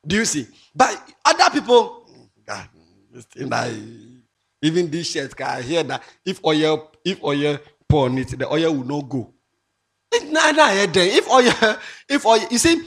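Man, moral talk to students, lively swooping pitch, breathy husky voice. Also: measured pace, pauses often. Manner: animated, mixing English with local phrases, rising to emphatic shouts. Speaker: speaker addressing students. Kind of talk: moral talk to young people.

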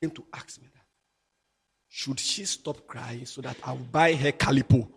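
A middle-aged man with a Ghanaian accent, preaching a sermon as a pastor, animated and mixing English with Twi. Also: medium pitch, a little slow, slightly rough.

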